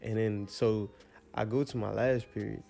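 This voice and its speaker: A teenage young man casually telling a rambling storytime, full of slang and animated asides. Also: fairly low pitch, moderate pace, gravelly, soft background music. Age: teens.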